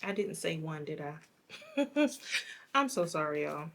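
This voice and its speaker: A young woman giving a casual tarot reading, rambling and chatty with a slightly raspy, hoarse voice. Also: sits low, a little fast, a bit bright, a little hiss or hum. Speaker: tarot reader.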